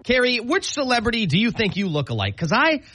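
A man's voice: very high voice, huge pitch swings, pushed and bright, soft background music. Playful man hosting morning radio. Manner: playful, laughs often, quick asides. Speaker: radio morning show host. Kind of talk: casual radio banter. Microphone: studio microphone.

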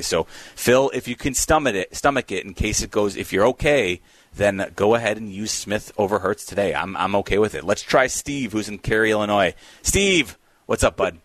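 A low-voiced man hosts a sports call-in radio show. He talks in a chatty, upbeat way, full of loose fillers. The sound is close and dry. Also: fairly bright tone, no room sound.

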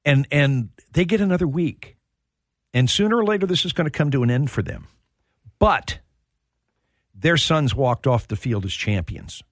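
A man hosting a sports radio show, telling stories in a heartfelt, halting way. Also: fairly high pitch, expressive, no echo, clean studio sound. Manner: storytelling, emotional, repeats words when starting. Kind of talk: casual sports talk.

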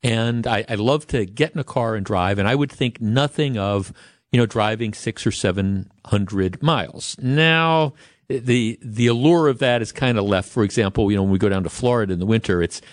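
A man's voice: lowish voice, normal speed, no room sound, clean studio sound. Chatty middle-aged radio host man. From Wisconsin. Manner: chatty, rambling with many restarts. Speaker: radio talk show host. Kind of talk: casual radio talk. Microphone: studio microphone.

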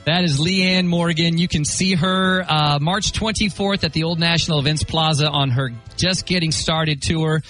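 A man's voice: fairly high pitch, steady tone, normal speed, hardly any pauses, a bit bright, faint music behind, low-quality recording. A man hosting a morning radio interview, friendly and sprinkling his questions with hesitant fillers. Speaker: radio host.

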